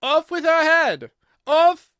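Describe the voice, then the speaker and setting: A man voicing a furious, imperious queen who screams shrill commands. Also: animated, slow, pushed and bright, no echo, clean studio sound, exaggerated voice. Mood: shrieking.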